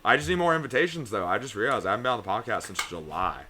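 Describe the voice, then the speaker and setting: A man's voice: lowish voice, lively intonation, rapid-fire, background noise. A young man from Connecticut telling a long story on a podcast, rambling with lots of fillers and the odd swear. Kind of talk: casual podcast chat.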